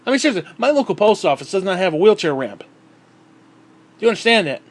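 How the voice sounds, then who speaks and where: A man's voice: high-pitched, very animated, fast. A man vlogging in a heated, sarcastic rant, swearing constantly. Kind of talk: profane ranting monologue.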